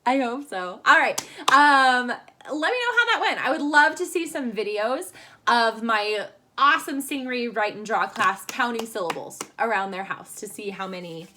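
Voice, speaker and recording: A woman with a bright, high voice teaches young children in a video lesson recorded from her room at home. She speaks cheerfully, slowly and clearly for kids, into a phone held at arm's length. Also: animated, slight background noise. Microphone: phone camera at arm's length.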